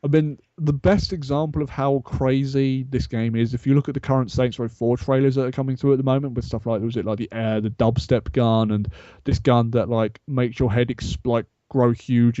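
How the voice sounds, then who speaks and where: A man appearing as a guest in a casual gaming chat, talking in a relaxed, easygoing way. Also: mid-range voice, a little fast, dry recording. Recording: dry, dull lo-fi recording.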